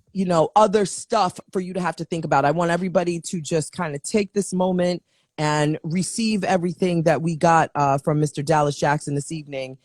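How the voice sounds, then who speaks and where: A woman's voice: on the low side, no room sound. Woman, show host, chatty, playful, filler-heavy, dry recording. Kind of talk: casual show sign-off.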